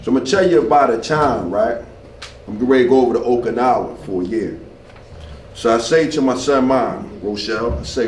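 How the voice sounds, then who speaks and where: A man's voice: mid-range voice, brisk, slight background noise. Man telling stand-up stories in a club. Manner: loose storytelling with crowd banter. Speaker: stand-up comedian. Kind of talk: stand-up comedy set. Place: small club stage. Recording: roomy club sound from far off.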